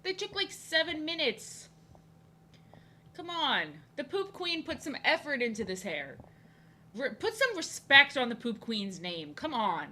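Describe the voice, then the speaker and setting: A young woman with a somewhat high, bright, forceful voice rambles playfully on a drawing stream. She greets viewers as they arrive and keeps stumbling into quick restarts. Her casual chat has a faint hiss behind it. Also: very animated. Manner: frequent stammered restarts. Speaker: art streamer.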